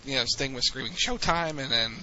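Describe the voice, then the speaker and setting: A man's voice: on the high side, expressive, moderate pace, pushed and bright, a little hiss or hum. A man co-hosting a podcast, casually recapping events in a rambling way with restarts. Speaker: podcast co-host recapping wrestling. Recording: dull lo-fi sound with faint ambience.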